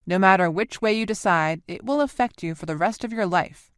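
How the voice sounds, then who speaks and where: A woman voicing a serious, determined motherly woman who speaks in a measured way, in an audiobook. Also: mid-range voice, smooth, dry recording, clean studio sound, lightly acted. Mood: solemn.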